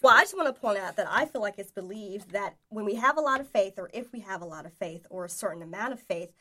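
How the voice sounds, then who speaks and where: A woman co-hosting a casual faith talk show, explaining ideas in a relaxed way with soft chuckles. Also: medium pitch, fast. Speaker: podcast co-host.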